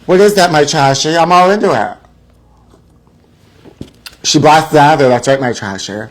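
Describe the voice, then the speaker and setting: Campy gossip host, man with high voice. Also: unhurried. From Los Angeles area. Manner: theatrical, mock-frightened, calls viewers honey. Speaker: host of a live gossip show. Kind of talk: campy live celebrity gossip commentary.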